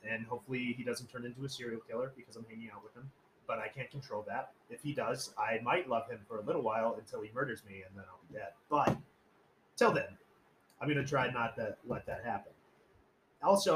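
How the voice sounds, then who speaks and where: A man's voice: medium pitch, fast talker, a bit bright, slight background noise, low-quality recording. Rambling, profane podcast guy. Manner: rambling, profane, jokey storytelling with quoted voices. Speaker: podcast host. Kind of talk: casual podcast chat.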